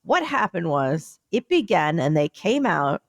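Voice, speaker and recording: A woman co-hosting a podcast, chatting casually and telling a rambling, animated story. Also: lowish voice, a little slow, creaky, no echo. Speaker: podcast co-host. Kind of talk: casual chat.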